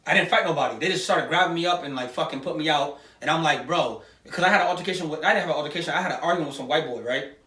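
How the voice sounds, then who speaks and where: A man who co-hosts a podcast, telling a story in a heated, animated way with plenty of swearing. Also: a little high, very fast. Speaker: podcast co-host. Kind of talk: casual chat. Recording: echoey room, distant mic.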